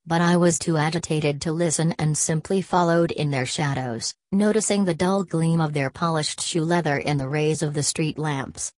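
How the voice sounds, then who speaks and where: A woman narrating an audiobook in an even, measured reading. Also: low-pitched, no echo.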